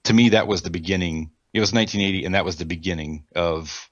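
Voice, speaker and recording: A man's voice: low-pitched, steady tone, quick pace, lo-fi sound, background noise. A man co-hosting a casual rock podcast, easygoing and a little hesitant. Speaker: podcast co-host.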